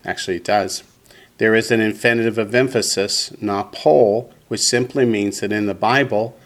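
A man teaching a class, explaining slowly and deliberately and leading the group in repeating words. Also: lowish voice, steady tone. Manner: slow, deliberate explanations, leads group repetition. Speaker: Hebrew teacher. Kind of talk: classroom lesson with call-and-response.

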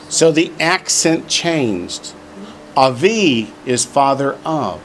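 A man's voice: mid-range voice, sing-song, slight background noise. A man teaching a Hebrew class, drilling word forms for the students to repeat and slipping in jokes. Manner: slow, drawn-out drilling of words for repetition; joking asides. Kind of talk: classroom lesson.

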